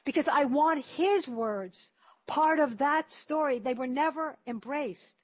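A woman's voice: sits high, slow pace. A woman hosting an interview, speaking earnestly and emotionally, often restarting her phrases. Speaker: host. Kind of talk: conversational interview.

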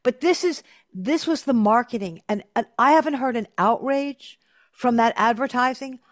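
Animated woman talk show host, dry sound. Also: a little high, normal speed, no echo. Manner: animated, emphatic storyteller. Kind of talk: casual interview chat.

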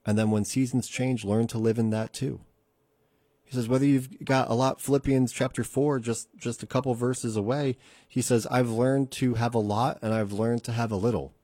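A man's voice: medium pitch, steady tone, moderate pace, mellow, no room sound. A man hosting a radio podcast, preaching in an earnest, conversational way and repeating phrases for emphasis. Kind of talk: casual radio sermon. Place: radio studio.

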